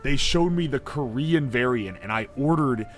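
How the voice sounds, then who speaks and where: A man streaming a game live, reading out ingredient lists and swearing in loud disbelief, then making himself talk calmly. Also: mid-range voice, normal speed, faint music behind. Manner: excitable and profane, swearing and yelling in disbelief. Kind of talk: live-stream gaming commentary.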